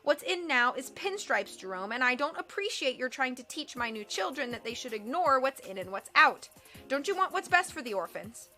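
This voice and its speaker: A woman voicing a vain, trend-obsessed rich lady who talks down to everyone in a high, bright, emphatic voice. She is haughty and dismissive and always sure she knows best, like a character in a read-aloud storybook. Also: sing-song, normal speed, faint music behind, exaggerated voice. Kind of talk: audiobook character voice.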